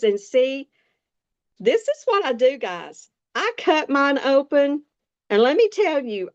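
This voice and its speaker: A woman's voice: a little high, lo-fi sound. A sixty-year-old woman with a Southern Appalachian accent, chatting folksily through a casual makeup tutorial and talking straight to viewers. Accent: Southern Appalachian American. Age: 60s. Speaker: makeup vlogger.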